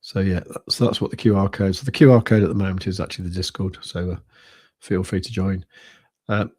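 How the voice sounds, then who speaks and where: A man's voice: low-pitched, fairly even intonation, fairly quick, a little mellow. A British man hosting a trading livestream, talking casually over charts and thinking aloud with lots of fillers. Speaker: crypto trading livestream host. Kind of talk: casual live-stream chart commentary.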